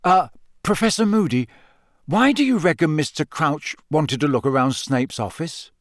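A man's voice: fairly high pitch, expressive, moderate pace, no room sound, studio quality, lightly acted. A man voicing an earnest, nervous teenage boy wizard who hesitates a lot. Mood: eager. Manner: hesitant, with fillers.

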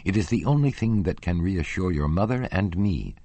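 A man's voice: deep voice, expressive, moderate pace, mellow. Raoul, a man reading an earnest young nobleman. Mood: firm. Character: earnest young nobleman, anxious but firm.

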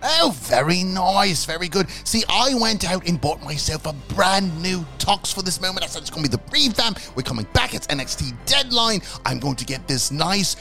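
A man's voice: high voice, lively intonation, moderate pace, creaky, hardly any pauses, pushed and bright, soft background music. A man co-hosting a podcast in casual comedic chat, playful and often putting on a mock-fancy posh voice in sing-song. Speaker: podcast co-host.

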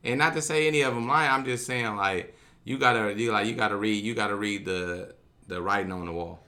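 A man's voice: on the low side, a little fast, sharp tone. A man co-hosting a casual chat, profane, rambling and argumentative. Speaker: podcast co-host.

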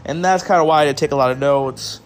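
A man's voice: on the high side, fast, faint music behind. A man hosting a solo podcast, talking casually and rambling to his listeners, sounding tired and yawning, with some swearing. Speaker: podcast host. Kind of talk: solo wrestling review podcast.

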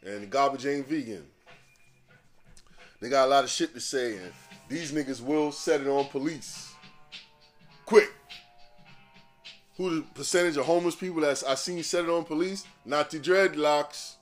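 Guy ranting on his podcast, cussing a lot, kinda high voice, animated. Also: normal speed, pauses often, soft background music. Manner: profane, animated storytelling with slang. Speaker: podcast host. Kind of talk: casual rant.

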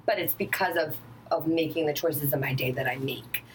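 Chatty, laughing woman with a lowish voice. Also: a little hiss or hum, low-quality recording. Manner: animated, laughing often, quick rambling. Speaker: guest, yoga and Pilates instructor. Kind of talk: casual chat.

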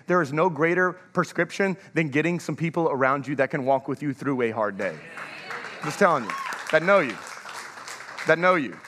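A male pastor with a high, bright, forceful voice preaches an energetic sermon. He keeps drawing the congregation to answer. His words ring out in the long reverb of a large church. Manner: energetic, calls for congregation response.

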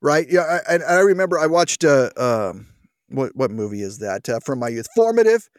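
A man's voice: big pitch swings, normal speed, no echo, studio quality. A man hosting a political talk radio show, mocking the news with wry, sarcastic asides. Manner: sarcastic, wry asides, big pitch swings. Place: radio studio.

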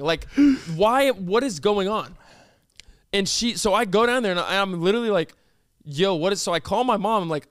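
A young man telling a story in casual chat, animated and incredulous, dropping into a low flat tone when he quotes someone. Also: brisk, dry recording, studio quality.

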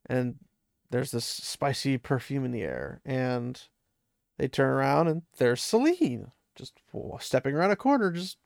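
A man's voice: medium pitch, big pitch swings, a little slow, creaky, no echo, clean studio sound. A man casually retelling a story in a loose, chatty way, full of fillers and small laughs.

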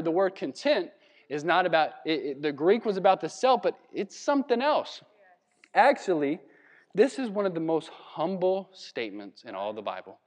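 A man from Virginia preaching a sermon in a conversational, animated way, with laughs and asides. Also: sits high, big-room sound. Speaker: pastor. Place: church hall.

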